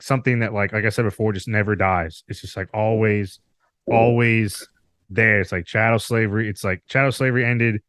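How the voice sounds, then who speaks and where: A man's voice: fairly low pitch, fairly bright tone, no room sound, studio quality. A man hosting a podcast, talking loosely with lots of fillers and some swearing. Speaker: podcast host. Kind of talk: casual podcast chat. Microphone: remote call mic.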